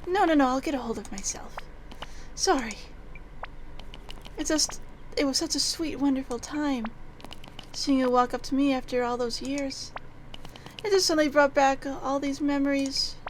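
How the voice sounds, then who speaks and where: A woman's voice: sits high, moderate pace, long pauses, a little hiss or hum, voice pushed up, natural voice. A woman voicing a tearful, gushing older woman who is crying with happiness, as in a video game.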